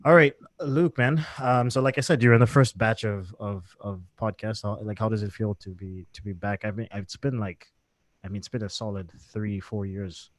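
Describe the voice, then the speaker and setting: A man's voice: lowish voice, fairly even intonation, normal speed, dry recording. A man hosting a casual live podcast interview from a co-working space, chatty, laughing often and restarting his sentences. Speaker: podcast host. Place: co-working space with an event in background. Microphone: desk microphone on live stream.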